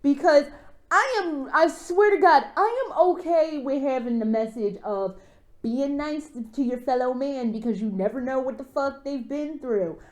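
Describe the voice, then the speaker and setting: Woman vlogger with a high, bright voice, ranting casually; profane, rambling, animated, lots of fillers. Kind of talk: casual rant.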